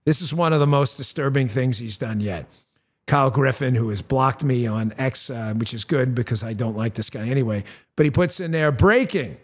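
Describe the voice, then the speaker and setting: A male talk show host with a punchy, blunt delivery who reads his own ads and turns loud and high-pitched when outraged. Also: moderate pace. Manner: conversational, with fillers and restarts. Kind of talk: talk show monologue with ad read.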